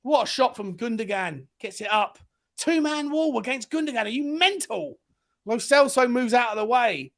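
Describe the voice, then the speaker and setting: A man hosts a fan show and calls the match live as it unfolds. He is excitable and often yells encouragement or scolding at the players. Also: very high-pitched, moderate pace. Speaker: host of a football fan show. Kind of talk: live match watch-along commentary.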